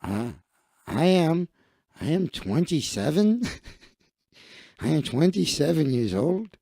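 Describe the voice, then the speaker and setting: An eager young Mexican man, as a man puts him on, boasting in broken English with a heavy put-on Mexican Spanish accent. His voice sits high and swings widely in pitch, and it sounds close and dry. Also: big pitch swings, slow pace, creaky, warm tone, no room sound, heavily acted. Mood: earnest.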